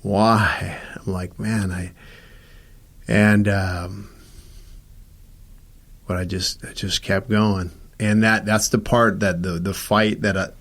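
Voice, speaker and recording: A man's voice: fairly low pitch, level tone, takes it slowly, pauses often, fairly bright tone. A man sharing a personal story in casual conversation, acting out the dialogue of the people in it with frequent restarts. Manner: acts out quoted dialogue, many restarts. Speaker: host telling his own story.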